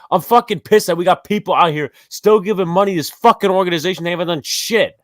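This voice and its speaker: A man's voice: high voice, quick pace, a bit bright, dry recording, studio quality. A young man with a New York accent, co-hosting a live sports stream, ranting angrily and swearing a lot. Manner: angry ranting, heavy swearing. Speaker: livestream co-host. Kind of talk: heated live sports chat.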